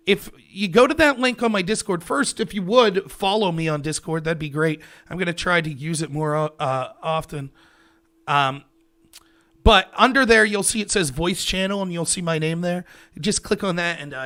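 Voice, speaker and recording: A man's voice: sits high, fairly bright tone. A man in his thirties with a Pittsburgh accent, hosting a livestream and chatting loosely with viewers. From Pennsylvania, USA. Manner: rambling, loose, chuckling often. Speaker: livestream talk show host. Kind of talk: casual solo chat with viewers. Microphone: headset.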